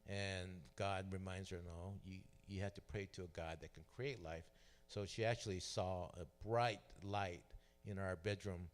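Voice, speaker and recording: A man's voice: low voice, steady tone, moderate pace. A middle-aged man sharing a personal testimony at church, telling his story and acting out the dialogue. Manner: storytelling, acts out quoted dialogue. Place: church sanctuary. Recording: long hall reverb.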